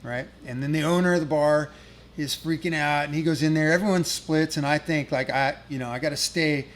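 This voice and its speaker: A man's voice: a little high, fairly quick. A middle-aged man telling a rambling, profane touring story as a guest musician, laughing at his own tale. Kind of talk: casual storytelling.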